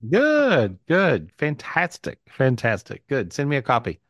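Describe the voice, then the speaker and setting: A man's voice: mid-range voice, huge pitch swings, unhurried, a bit bright, no echo. A man hosting a live video call, giving chatty, reassuring psychic readings and often repeating himself. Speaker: psychic host.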